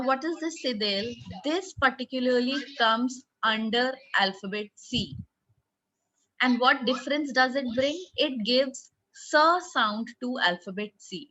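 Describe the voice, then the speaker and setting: A woman with an Indian English accent teaching a French class online, explaining slowly and quizzing her pupils. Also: on the high side, pushed and bright, low-quality recording. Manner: slow, explanatory, asks the class questions.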